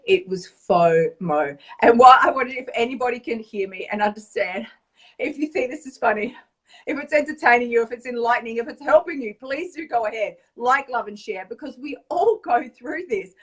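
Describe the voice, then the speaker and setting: A woman coach tells her story in a casual, animated vlog style. Her voice sits on the higher side and carries a chatty, conversational rhythm. She sounds a little distant from the microphone. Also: normal speed, slightly rough. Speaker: weight-loss coach.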